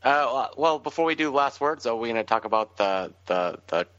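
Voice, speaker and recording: A man co-hosting a casual comics podcast, speaking in a measured, informative way. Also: medium pitch, lively intonation, fairly bright tone, no echo, lo-fi sound. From United States. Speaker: podcast co-host. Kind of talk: casual chat about comics.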